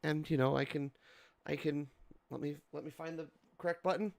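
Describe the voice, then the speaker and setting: A man's voice: a little high, fairly even intonation, normal speed, creaky, darkish tone, dry recording. A man co-hosting a casual chat podcast, joking around in a playful way. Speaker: podcast co-host.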